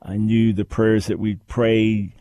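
A man's voice: on the low side, little pitch movement, takes it slowly, mellow. A middle-aged man hosting a call-in radio show, explaining his points in an earnest way. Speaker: radio talk show host. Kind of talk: call-in radio talk and teaching.

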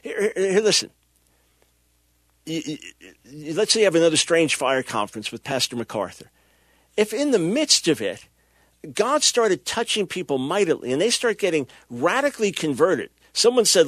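A man's voice: on the high side, big pitch swings, moderate pace, a bit bright, no echo, studio quality. Impassioned man preaching on talk radio. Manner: impassioned, emphatic, acts out quoted people. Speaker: radio talk show host.

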